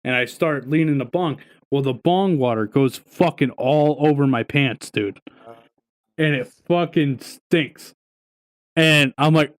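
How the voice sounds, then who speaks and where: A young adult man co-hosting a podcast, telling stories in a casual, profane, animated way, full of "dude" and "right?". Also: fairly high pitch, measured pace, dry recording. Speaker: podcast co-host. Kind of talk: casual storytelling chat.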